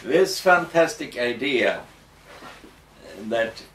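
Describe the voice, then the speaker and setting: A man answering interview questions slowly and hesitantly, with frequent ums and restarts. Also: medium pitch, expressive, fairly bright tone. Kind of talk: halting explanatory interview answers. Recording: echoey room, distant mic, faint noise.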